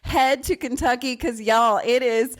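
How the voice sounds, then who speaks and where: A woman's voice: a little high, a little slow. Laughing Southern woman podcast host. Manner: laughs often, chatty and upbeat. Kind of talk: casual podcast chat.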